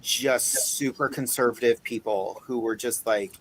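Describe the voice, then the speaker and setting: A man hosting a casual talk show, chatting and telling stories in an animated way. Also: medium pitch, measured pace. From Pennsylvania. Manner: chatty, animated storytelling with laughs. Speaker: podcast host. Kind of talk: casual chat. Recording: faint background noise.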